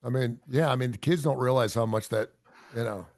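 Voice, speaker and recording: A man's voice: medium pitch, fairly quick, a little mellow, no echo, clean studio sound. A middle-aged man hosting a radio talk show, chatting casually in a rambling, self-deprecating way full of fillers and restarts. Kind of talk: casual chat.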